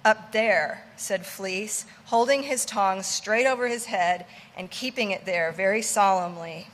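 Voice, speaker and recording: A woman reading a classic novel aloud in a measured, plain narrating voice. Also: medium pitch, long reverb tail. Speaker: reader.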